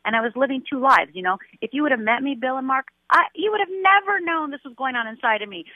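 Woman, radio guest, earnest, halting, tinny phone line, dry sound. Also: sits high, very animated, no room sound. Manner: earnest, halting with restarts, emotional retelling. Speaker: guest life coach. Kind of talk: radio interview over the phone. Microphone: telephone.

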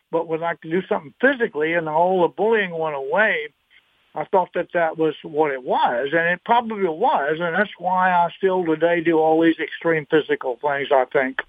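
A man in his eighties, a guest on a radio interview, speaking in a halting, earnest way with many repeated words and getting choked up. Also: fairly high pitch, no room sound. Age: 80s. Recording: tinny phone line.

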